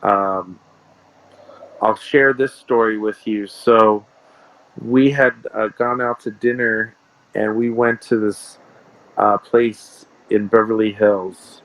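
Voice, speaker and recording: A man's voice: lowish voice, fairly even intonation, slow, fairly bright tone, low-quality recording. A man, a sports card shop owner, telling rambling stories in a casual interview and repeating himself.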